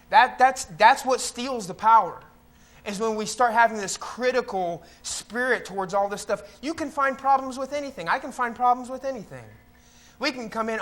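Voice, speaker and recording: High-voiced pastor preaching. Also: male voice, normal speed, fairly bright tone. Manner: conversational preaching, mocking voices of complainers. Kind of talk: sermon. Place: church sanctuary.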